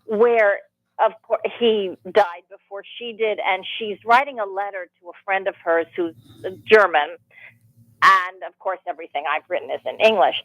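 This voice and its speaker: A woman, an author and audiobook narrator, telling animated stories as a guest in a radio studio interview. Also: medium pitch, normal speed, dry recording, highs cut off. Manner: animated storytelling, rambling with restarts.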